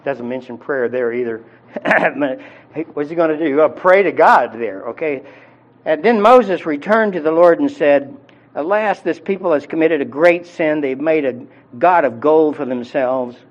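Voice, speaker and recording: Man preaching a sermon, slightly high voice. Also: moderate pace, highs cut off. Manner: conversational teaching with many fillers and restarts. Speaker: pastor.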